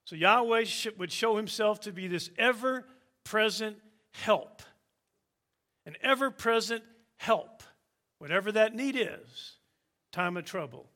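A man preaching a sermon, slow and emphatic, with dramatic pauses. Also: high voice, sharp tone.

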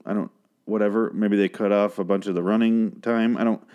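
A man's voice: lowish voice, steady tone, a little fast, smooth, dull audio. A man giving a casual, rambling recap of a TV episode, swearing freely and often trailing off or restarting with a sardonic edge. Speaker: show recap podcaster.

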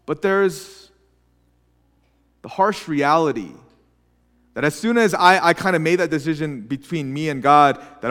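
A young male pastor preaches in an earnest, confessional way, often restarting his sentences. His voice sits high for a man. It carries a long reverb from a large church hall. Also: a little slow, long pauses, a bit bright. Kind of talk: sermon.

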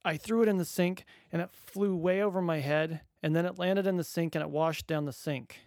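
A man voicing his excitable three-year-old son in a storybook reading, with a high, eager, bouncy voice. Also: moderate pace, dry recording, natural voice. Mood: excited.

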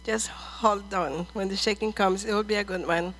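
A middle-aged woman ministering prophetic words over people in church, earnest and measured, calling them dear and brother. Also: mid-range voice, fairly even intonation, a bit bright, rough recording.

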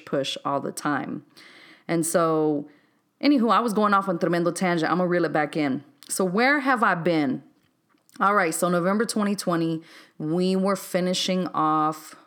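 A woman from Texas with a Texas accent, hosting a solo podcast in a candid, chatty, unscripted way with easy laughs. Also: low voice. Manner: candid, chatty, laughs easily, says "y'all" and "um". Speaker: podcast host.

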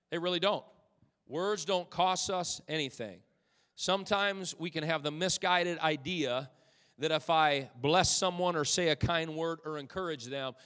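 Pastor preaching in a reverberant hall. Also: male voice, a little high. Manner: swings from loud exhortation to soft intimate storytelling. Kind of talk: sermon. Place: church sanctuary.

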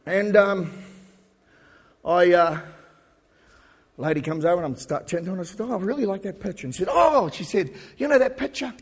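A man preaching a sermon as a story, swinging between loud preaching and soft asides. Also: sits high, fairly quick, long pauses, slightly rough, big-room sound. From New Zealand. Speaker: pastor.

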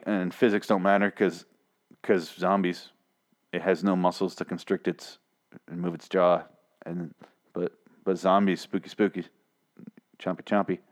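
A man hosting a podcast alone, recapping a TV episode in a rambling, sarcastic, heavily profane way, close on the mic. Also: low-pitched. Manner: rambling, sarcastic, swears a lot, jumps into exaggerated outbursts. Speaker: podcast host reviewing a TV show. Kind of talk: casual profane solo recap.

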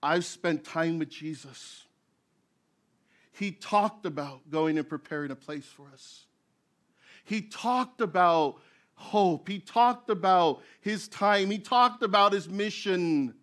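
A man preaching a sermon as pastor, telling a story in a lively, animated way that acts out the scenes. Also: high voice, takes it slowly.

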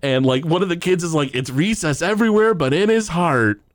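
A podcast co-host recaps an episode in casual chat, loosely retelling scenes with plenty of fillers and laughter. His voice is on the high side, brisk, with lively intonation. The studio recording is clean, with no room sound.

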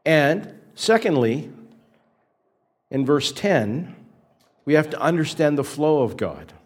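A man preaching a sermon as pastor, earnest, pausing between phrases and repeating key points for emphasis. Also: fairly high pitch, big pitch swings, slightly rough.

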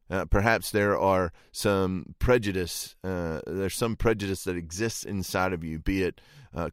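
A man preaching a sermon, telling a Bible story with animated delivery and acting out the quoted lines. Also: sits low, clear, resonant tone, no echo, studio quality. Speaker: pastor.

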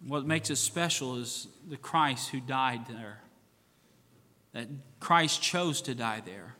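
Bright-voiced pastor preaching in a reverberant church. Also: male voice, mid-range voice, takes it slowly. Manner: swings from loud fervent preaching to hushed solemn tones. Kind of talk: sermon. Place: church sanctuary. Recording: long church hall reverb.

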